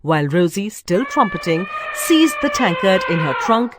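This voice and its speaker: A woman narrating a storybook in a measured, expressive way. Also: medium pitch, noisy background. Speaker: reader.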